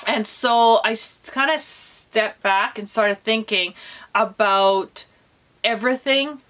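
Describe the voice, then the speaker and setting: A woman's voice: fairly high pitch, slow, a bit bright. A woman around forty, talking candidly in a personal vlog with lots of casual fillers. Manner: chatty and candid, with many fillers such as "like" and "you know". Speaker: homesteading vlogger.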